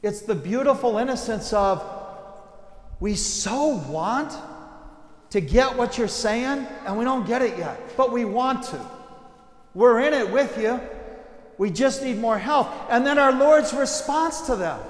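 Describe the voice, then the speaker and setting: A man preaching a sermon, telling stories with a lively delivery that swings from loud bursts to hushed, quiet lines. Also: very high-pitched, unhurried. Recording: echoey hall, long reverb.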